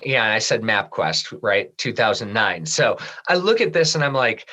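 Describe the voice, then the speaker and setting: Man, middle-aged, bright tense voice, lowish pitch, vivid podcast storytelling. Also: normal speed, hardly any pauses, low-quality recording. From Michigan. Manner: animated storyteller, drops to a soft low voice for serious parts. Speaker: podcast guest. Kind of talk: storytelling in an interview.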